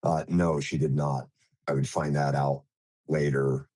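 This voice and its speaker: A man who is a nurse, recounting an emergency as an interview guest in a halting way, with many fillers and restarts. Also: a bass voice, little pitch movement, a little mellow, no echo.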